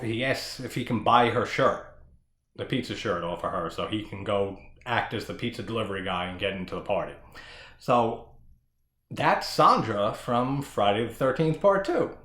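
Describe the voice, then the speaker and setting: A man hosting a horror film podcast, talking in a casual, animated and profane way and laughing often. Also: mid-range voice. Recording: roomy echo.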